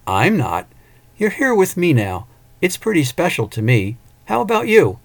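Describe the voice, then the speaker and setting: A man's voice: fairly high pitch, huge pitch swings, moderate pace, gravelly, pitched above the performer's own voice, full character voice. A man voicing a flirtatious traveling fortune-teller woman, teasing and playful, raising his voice for her. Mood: flirty.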